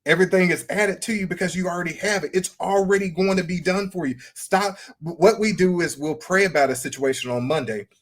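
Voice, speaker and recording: A man's voice: high-pitched, a little fast, hardly any pauses. A man hosting a podcast, talking about faith in a fervent, sermon-like way with lots of repetition. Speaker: podcast host. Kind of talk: preaching-style podcast chat.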